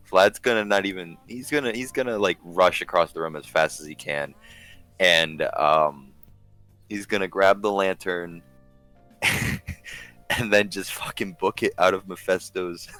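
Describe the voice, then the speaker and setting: A man playing a tabletop game, describing his character's sneaky actions in casual table talk while thinking aloud with frequent pauses. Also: deep voice, fairly bright tone, smooth, no room sound. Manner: thinking aloud, pausing with ums and restarts.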